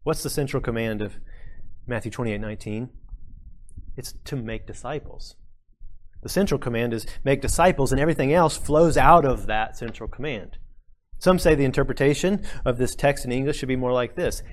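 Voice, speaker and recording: Pastor guy preaching, earnest and emphatic, repeats his big lines, middle-pitched voice. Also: normal speed. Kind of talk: sermon.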